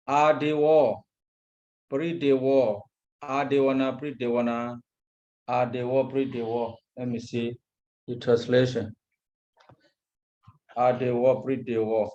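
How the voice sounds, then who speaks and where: Male Buddhist monk teacher, unhurried lecture with repeated terms, dull low-fi recording. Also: darkish tone. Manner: slow, repeats Pali terms, frequent hesitations. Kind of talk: lecture on a Pali text.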